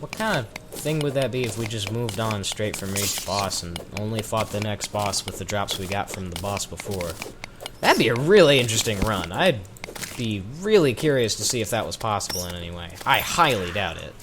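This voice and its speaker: A man's voice: lowish voice, animated, normal speed, background noise. A man from the American South giving rambling, chatty let's-play commentary with self-mocking asides, talking into a desk microphone. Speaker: gaming commentator.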